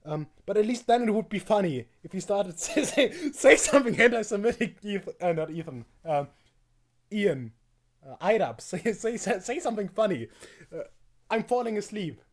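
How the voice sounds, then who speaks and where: A man's voice: high-pitched, animated, moderate pace. A man streaming live, reacting to a video with rambling, mocking commentary, full of fillers and laughs.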